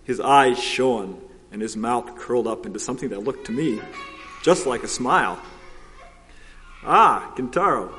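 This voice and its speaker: A man narrating a children's story aloud, in a steady, expressive reading. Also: medium pitch, normal speed, faint music behind. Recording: long hall reverb.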